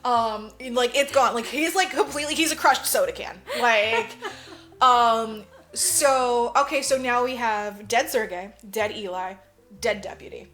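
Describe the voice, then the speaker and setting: Podcast co-host, woman, lively film recap, acts out characters, slightly high voice. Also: unhurried. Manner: animated retelling, acts out characters, swears freely. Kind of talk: casual movie recap chat.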